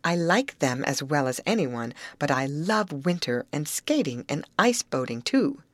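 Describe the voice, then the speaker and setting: A woman voicing Molly, a quick-tempered, outspoken teenage girl who talks sharply. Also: sits low, animated, no echo. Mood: firm. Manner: sharp, snappish.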